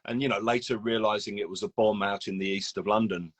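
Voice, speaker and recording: A man's voice: on the low side, fairly even intonation, quick pace. A man hosting a live video interview, listening attentively, agreeing often and restarting his questions. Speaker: host. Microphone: phone on a live video call.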